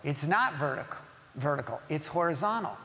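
A man's voice: fairly high pitch, very animated, a little fast, pushed and bright, long reverb tail. A man preaching as pastor, emphatic, repeating key phrases and putting questions to the congregation. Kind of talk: sermon.

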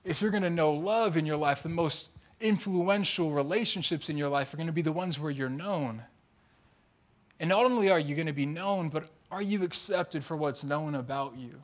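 A young man preaching a sermon, telling personal stories in a lively, animated way with playful mimicry. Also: on the high side, moderate pace. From Tongan and Mexican heritage. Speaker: pastor.

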